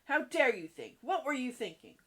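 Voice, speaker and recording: A woman's voice: high-pitched, sing-song, normal speed, sharp tone, voice pushed up, full character voice. A woman voicing a stern, angry schoolmistress in a storybook reading, scolding sharply. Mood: furious.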